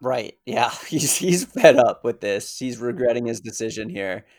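A man's voice: medium pitch, expressive, a little slow, a little mellow. A man co-hosting a podcast, walking through a TV episode's plot in an easygoing, conversational way. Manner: easygoing storyteller, with some filler "uh"s. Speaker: podcast co-host. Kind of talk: casual episode recap chat.

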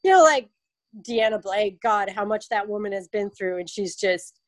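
A woman's voice: mid-range voice, normal speed, no room sound, low-quality recording. A woman in her thirties chatting about racing, telling stories and acting out what people said to her. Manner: chatty storyteller, acts out quotes with lively voices. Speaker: guest, obstacle race athlete. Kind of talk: casual podcast interview.

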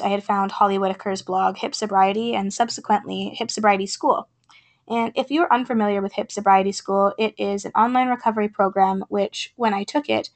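A woman hosting her own podcast, talking earnestly with many fillers, her voice raspy from being sick. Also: medium pitch. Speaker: podcast host. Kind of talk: casual podcast talk and poetry reading.

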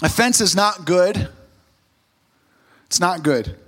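A man's voice: high-pitched, takes it slowly, a bit bright. A male pastor preaching a sermon, telling a story and then rising to emphatic exhortation.

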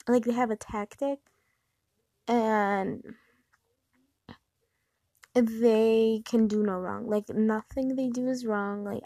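A woman's voice: a little high, warm tone, no echo. A young woman vlogger giving casual advice in a chatty, rambling way with lots of fillers. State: hiccups.

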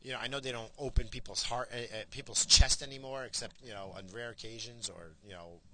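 A man's voice: mid-range voice, a little fast, crowd noise, poor audio. An older man telling a story in a casual, profane, rambling way, acting out the people in it as he goes. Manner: profane, rambling, animated retelling with quoted voices.

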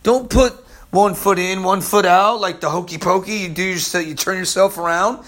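High-voiced man preaching with emphatic swings. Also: fairly even intonation, normal speed. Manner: emphatic preaching, swings from loud calls to low murmurs; streetwise, calls listeners "man". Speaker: pastor. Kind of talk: sermon.

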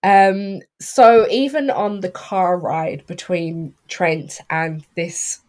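A woman casually discussing a horror film, chatty, laughing often and filling pauses with ums. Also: lowish voice, fairly even intonation, darkish tone. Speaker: podcast co-host.

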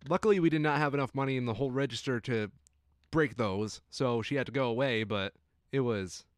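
A man's voice: mid-range voice, brisk, no room sound. Young man, mid-range voice, wry podcast storytelling, dry recording. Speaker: podcast co-host. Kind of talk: casual podcast chat.

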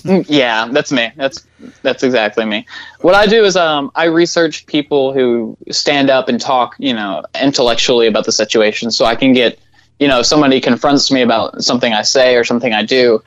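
A man's voice: mid-range voice, a little fast, dry recording, muffled recording. A young man as a podcast guest, easygoing in casual chat and leaning on fillers. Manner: easygoing, many "you know" fillers.

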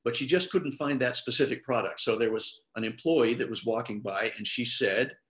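Preaching a sermon in a conversational style, this pastor lends lively voices to those he quotes. His pitch is medium and his pace moderate.

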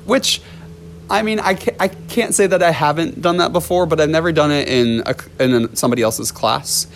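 A man's voice: mid-range voice, slight background noise. A young man, a ballet teacher, telling a story from his class in a casual, rambling way with many fillers and restarts.

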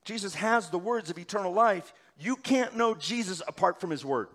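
Male pastor, middle-aged, fairly high voice; urgent sermon delivery that swings from loud to hushed. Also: animated, normal speed. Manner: swings between loud urgent preaching and quiet hushed stretches.

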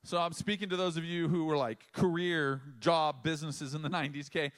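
A middle-aged man giving a sermon in a conversational way, with emphatic pauses and frequent restarts. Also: a little high, fairly even intonation, a bit bright. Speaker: pastor.

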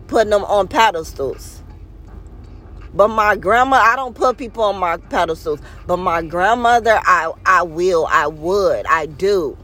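A woman's voice: medium pitch, fairly bright tone. A woman hosting her own podcast, speaking in a heartfelt, earnest and preachy casual monologue and stretching out the words she wants to stress. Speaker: podcast host.

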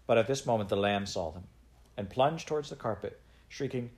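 Low-voiced man reading a children's novel. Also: animated, brisk, a little mellow. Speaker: audiobook reader.

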